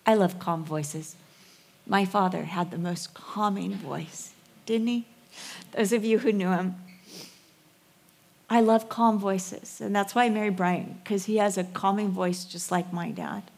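A woman in her sixties preaching a sermon in a storytelling, playful way, sometimes dropping to a soft hush. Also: mid-range voice, unhurried, vocal fry. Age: 60s.

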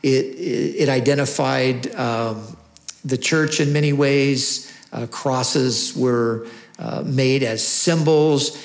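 A man preaching a sermon, teaching earnestly and asking rhetorical questions. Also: medium pitch. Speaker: pastor. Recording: echoey room.

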